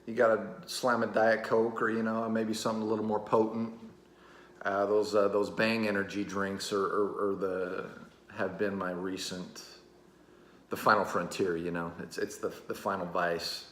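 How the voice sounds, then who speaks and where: Man, low voice, casual solo monologue, halting and rambling, lots of fillers, roomy echo. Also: flat delivery, fairly bright tone. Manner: rambling, halting, fills every pause with "you know" and "uh". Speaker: channel host.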